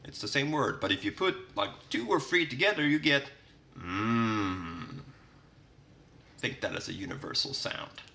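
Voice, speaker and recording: A young Swedish man with a Swedish accent walks through a casual language lesson in a playful, jokey way. His voice swings widely up and down, and the tone is bright and forward. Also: medium pitch, sing-song, brisk, creaky, few pauses. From southern Sweden. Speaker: language teacher.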